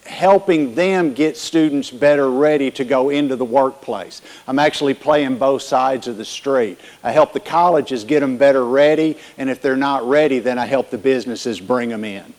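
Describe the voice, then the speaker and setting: A man's voice: medium pitch, normal speed, darkish tone. A man giving a conference keynote, joking with the audience and telling them what to do. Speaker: keynote speaker.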